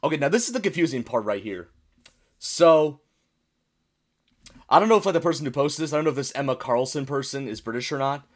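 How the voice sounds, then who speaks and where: A young American man hosts a casual meme reaction video, chatting and reading captions aloud. His voice sits at an ordinary middle pitch, and he often stops to wonder out loud what a joke means. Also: lively intonation, fairly quick, long pauses. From United States. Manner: chatty, puzzled, reads captions aloud, bursts of laughter. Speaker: YouTube reaction host.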